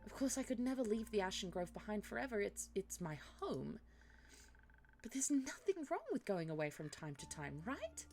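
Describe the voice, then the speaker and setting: A woman voicing a young female ranger who speaks softly and hesitantly in a cosy tavern role-play. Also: mid-range voice, sing-song, normal speed, slight background noise, voice pushed up. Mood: wistful. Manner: soft, hesitant and yearning.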